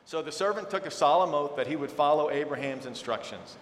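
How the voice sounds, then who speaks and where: Man, Bible teacher, casual sermon, fairly high voice, echoey hall, faint room noise. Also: a little fast, hardly any pauses. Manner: relaxed, conversational, self-deprecating asides. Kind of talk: sermon with scripture reading.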